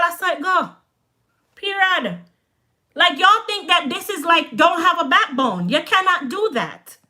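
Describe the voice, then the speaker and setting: Woman, business owner, high voice, Chicago accent with Jamaican touches, blunt, animated live-stream storyteller. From Chicago, United States. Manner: blunt, straight-talking, animated. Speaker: hair care business owner.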